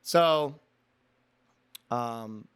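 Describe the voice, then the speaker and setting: A young man with a medium-pitched, clean voice stretches out his words as he rambles through a casual story on a podcast. He's a guest and a former prison officer, swearing freely and calling the listener "dude" again and again.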